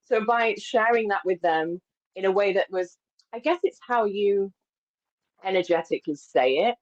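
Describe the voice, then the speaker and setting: A woman speaking as an interview guest, telling personal stories openly with lively self-corrections. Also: medium pitch, fairly quick. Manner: open, animated, frequent self-corrections and laughs. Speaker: guest, embodiment coach. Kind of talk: candid conversational storytelling. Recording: slightly dull, lo-fi audio.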